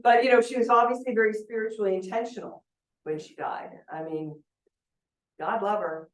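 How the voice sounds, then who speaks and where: A woman's voice: medium pitch, fairly even intonation, moderate pace. Woman in her 60s, chatty judge telling a story to a room, sounds far off from the mic, echo all around. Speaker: judge presenting a seminar. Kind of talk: public talk with personal anecdote. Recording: roomy hall, picked up from a distance.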